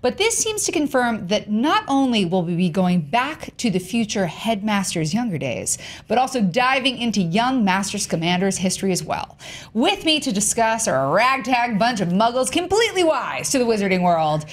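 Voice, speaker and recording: Lively playful woman hosting entertainment news. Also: medium pitch, normal speed. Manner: playful, animated, jokey. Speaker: news show host. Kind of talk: casual entertainment news chat.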